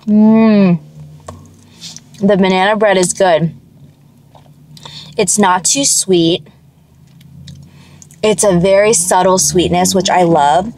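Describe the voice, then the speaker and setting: A woman's voice: medium pitch, fairly even intonation, slow, pauses often, darkish tone, a little hiss or hum. Chatty woman hosting an eating show. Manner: chatty, tasting food between lines, addresses viewers as friends. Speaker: mukbang host. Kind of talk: casual eating-show chat to viewers. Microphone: close mic that picks up swallowing.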